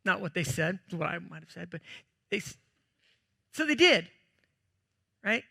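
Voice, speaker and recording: A man preaching a sermon as pastor, telling stories in a jokey, animated way with sudden loud bursts. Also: high voice, moderate pace, gravelly.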